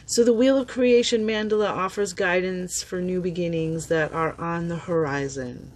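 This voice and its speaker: A woman giving a casual, upbeat tarot reading, chatty and quick to laugh. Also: fairly low pitch, darkish tone, low-quality recording. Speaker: tarot reader.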